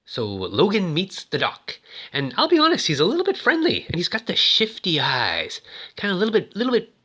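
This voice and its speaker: A man in his fifties rambling excitedly as he retells a movie plot in casual chat. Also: high-pitched, fairly quick, husky. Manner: rambling, excitable, lots of fillers. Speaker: movie toy reviewer.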